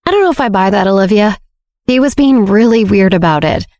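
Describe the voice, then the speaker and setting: A woman's voice: medium pitch, lively intonation, a little fast, darkish tone, no room sound, clean studio sound, lightly acted. A woman voicing a jealous, blunt young man who speaks curtly, in an audiobook. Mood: suspicious. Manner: curt, blunt. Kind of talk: audiobook character voice.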